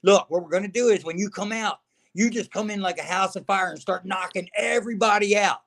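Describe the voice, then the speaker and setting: Animated middle-aged man telling wrestling stories. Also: sits high, a little fast. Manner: animated storyteller acting out quotes, says man and brother a lot. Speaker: former wrestler guest. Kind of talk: casual storytelling interview.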